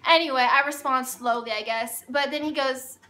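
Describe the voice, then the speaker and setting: A woman with a high, bright voice telling a storytime vlog. She chats and rambles along, piling on filler words as she goes. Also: steady tone, normal speed, slight background noise. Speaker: vlogger.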